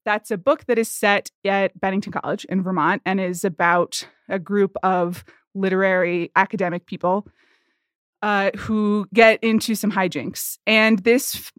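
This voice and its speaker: A woman's voice: medium pitch, steady tone, no room sound, studio quality. Chatty woman co-hosting a film podcast. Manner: chatty, halting, with many restarts. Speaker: podcast co-host. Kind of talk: casual film-talk podcast chat. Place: at a film festival.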